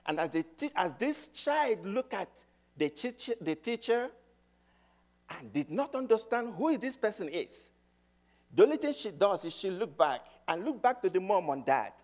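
A middle-aged man preaching a sermon, telling stories with emphasis and swinging between loud and hushed. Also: high voice, sing-song, measured pace.

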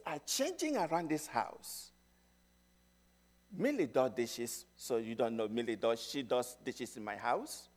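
A middle-aged man preaching a sermon, telling stories with emphasis and swinging between loud and hushed. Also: mid-range voice, sing-song, unhurried.

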